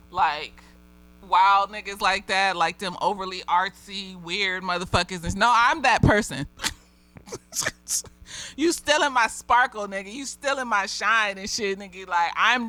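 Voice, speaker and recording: Giggly, tipsy woman with a lively voice. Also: medium pitch. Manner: profane, giggly, animated storytelling. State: slightly tipsy. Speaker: therapist reviewing a TV episode. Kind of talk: casual, tipsy review vlog.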